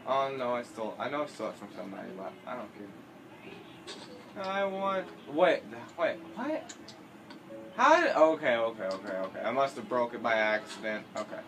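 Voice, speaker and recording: A man's voice: medium pitch, big pitch swings, moderate pace. A teenage boy giving casual, rambling commentary over a building game, often correcting himself and joking. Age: teens. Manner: rambling, self-correcting, jokey. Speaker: gameplay commentator. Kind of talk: casual let's-play commentary. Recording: noisy home recording.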